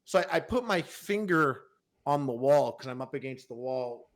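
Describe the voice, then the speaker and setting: A man's voice: medium pitch, lively intonation, moderate pace. A man telling a long, rambling story on a podcast in casual chat, swearing freely and full of fillers. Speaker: podcast panelist.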